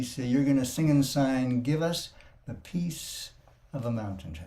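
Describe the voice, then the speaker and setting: A man leading a sing-along, teaching a song line by line with gentle singing and explanation. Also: medium pitch. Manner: slow, gentle, sings lines then explains. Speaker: song leader, sign teacher.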